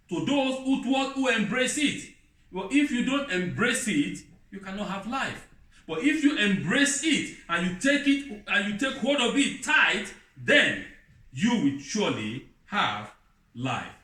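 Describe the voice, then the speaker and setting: A man preaching a sermon in non-native English with broken grammar, lively, mimicking other voices in a high pitch. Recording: roomy hall, voice from a distance.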